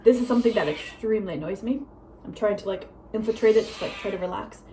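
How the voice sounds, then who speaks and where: A young woman vlogging casually at home, a self-described fast talker who rambles with many fillers. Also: medium pitch, warm tone, slight background noise, poor audio. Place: home with a meowing cat.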